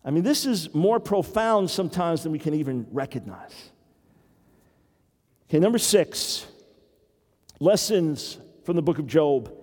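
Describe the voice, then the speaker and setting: A man's voice: fairly high pitch, lively intonation, unhurried, pauses often, darkish tone, long reverb tail. An older man, a grandfather, preaching a sermon earnestly with wry humor. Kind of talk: sermon teaching.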